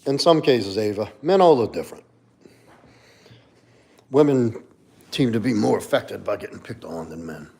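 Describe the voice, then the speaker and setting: Guy in his 40s on a coaching livestream, kinda low voice, blunt and swears a lot, lots of "like" and "you know". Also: animated, moderate pace, gravelly, long pauses, darkish tone. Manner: blunt, profane and candid, with frequent "like" and "you know". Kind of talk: casual livestream chat answering viewer comments.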